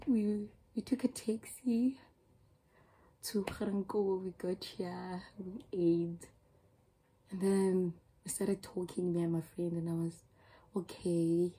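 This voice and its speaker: Young South African woman, YouTuber telling a story; husky, warm-dark tone, rambling delivery. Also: fairly low pitch, low-quality recording. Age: young adult. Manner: emotional, rambling retelling with many restarts. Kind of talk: storytime vlog.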